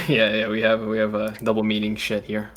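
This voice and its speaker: A man's voice: fairly low pitch, completely flat delivery, normal speed, fairly bright tone. A young man co-hosting a podcast, rambling, swearing and laughing at his own jokes. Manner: laughs easily, swears a lot, loose and rambling. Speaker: podcast co-host. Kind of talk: casual chat.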